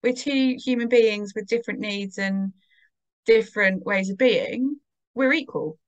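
A woman as a podcast guest, talking in a casual, animated way and acting out her own inner dialogue. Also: medium pitch, a little slow, dull audio. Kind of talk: casual conversation.

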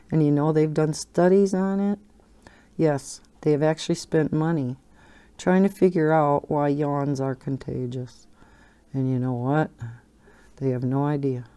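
A woman's voice: low-pitched, dark tone, clear, resonant tone. A woman hosting a coloring channel, chatting casually and rambling, often breaking into laughter. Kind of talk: casual chat while coloring.

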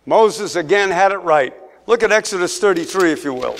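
Middle-aged male pastor, high-pitched, sermon delivery that asks for amens and swells to emphatic peaks. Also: lively intonation, normal speed, a bit bright. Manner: preaching, calls for amens, rises to emphatic peaks. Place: church sanctuary.

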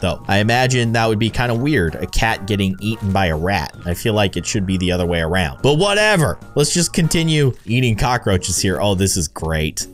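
A man narrating his gameplay in a playful, jokey commentary style. His voice sits at an ordinary pitch but swings up and down a lot as he reacts. Faint music plays underneath. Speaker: gaming YouTuber. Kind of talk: playful let's-play commentary.

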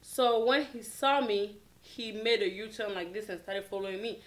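A woman vlogger telling a personal story in casual, animated storytime style, with lots of filler words. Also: mid-range voice, moderate pace. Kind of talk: storytime vlog.

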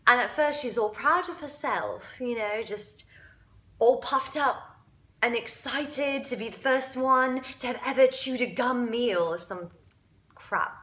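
A woman's voice: on the high side, measured pace, pushed and bright. A woman playing a spoiled, spiteful young woman who gloats over a rival, giggling, mocking and dropping into sly whispers. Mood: gloating. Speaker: actor auditioning. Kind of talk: audition monologue.

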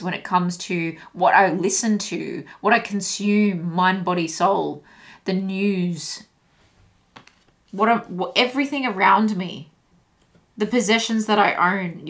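A woman giving a casual tarot reading to camera who thinks aloud as she muses over the cards and often repeats phrases. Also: medium pitch. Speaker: tarot reader.

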